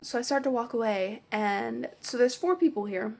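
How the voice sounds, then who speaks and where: A woman vlogger telling a ranting storytime about her work, animated and full of "like". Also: a little high, normal speed, creaky. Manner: animated, heavy use of "like". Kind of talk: storytime rant.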